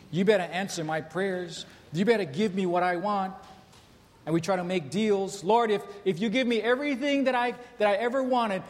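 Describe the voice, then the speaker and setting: A man's voice: fairly high pitch, slight background noise. Man preaching in a reverberant hall. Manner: conversational storytelling, rhetorical questions to congregation. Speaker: pastor. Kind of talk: sermon. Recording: long hall reverb, faint ambience.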